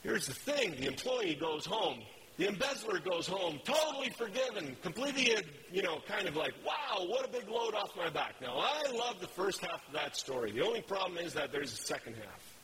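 A man's voice: high-pitched, very animated, a little fast, fairly bright tone, rough recording. A man preaching a sermon, telling a story in a conversational way. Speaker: pastor.

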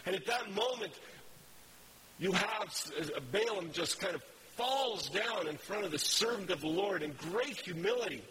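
Bright-voiced casual man preaching. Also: high voice, lively intonation, normal speed, rough recording. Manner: casual, rambling, with fillers and self-corrections. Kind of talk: conversational sermon with slides.

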